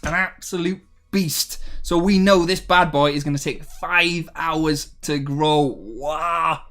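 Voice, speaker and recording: A man hosting a live stream, reading the chat aloud and answering it. His voice sits a little high for a man, and he talks in a loose, friendly ramble full of fillers and restarts. The sound is close and clear from a desk microphone. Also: slow, a bit bright, soft background music. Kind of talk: casual livestream chat.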